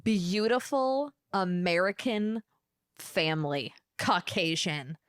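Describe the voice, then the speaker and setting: A woman's voice: lowish voice, slow, clear, resonant tone, no echo, studio quality. A woman in her thirties hosting a solo podcast, telling a funny story with swearing and playful impressions of the people in it. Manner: animated, profane, mimics people in quoted bits. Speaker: podcast host.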